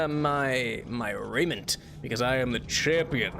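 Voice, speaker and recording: A man's voice: mid-range voice, a little slow, gravelly, few pauses, noisy background. A young man streaming a video game, chatting casually and rambling with lots of restarts and laughs. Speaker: VTuber streamer. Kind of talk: casual gameplay commentary.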